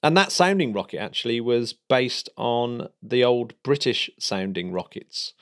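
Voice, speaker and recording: On a casual space podcast, this male co-host rambles enthusiastically through the week's news. His voice is medium in pitch and animated, though his pace stays measured.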